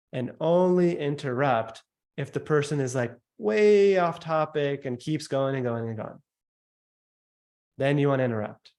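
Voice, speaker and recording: A man teaching a sales workshop, stressing points by slowing down and dropping his voice, and mimicking the noises listeners make. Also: medium pitch, a little mellow. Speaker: sales coach.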